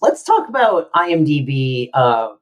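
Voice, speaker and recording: A woman's voice: low voice, very animated, unhurried. A woman from Florida co-hosting a podcast, chatting casually and ranting in exasperation about a sitcom. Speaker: podcast co-host. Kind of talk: casual chat recapping a sitcom.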